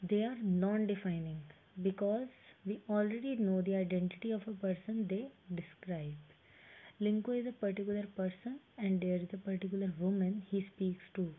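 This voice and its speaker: A woman with an Indian English accent teaches a grammar lesson in a mid-pitched voice. She explains step by step and slows down to read examples aloud. The sound is tinny and phone-like, with a faint hiss. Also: fairly even intonation.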